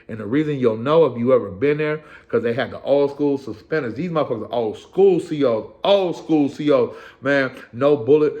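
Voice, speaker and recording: A middle-aged man spins a story from his past in a streetwise, profane way. His voice has a gravelly, fried texture, and he sits at an everyday middle pitch. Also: lo-fi sound. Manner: streetwise, profane, animated retelling with quoted voices. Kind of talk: casual storytelling.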